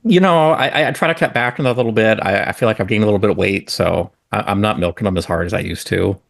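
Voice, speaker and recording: A man co-hosting a comedy podcast who answers in quick, stammering replies. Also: fairly low pitch, vocal fry. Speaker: podcast co-host. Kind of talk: casual comedic chat.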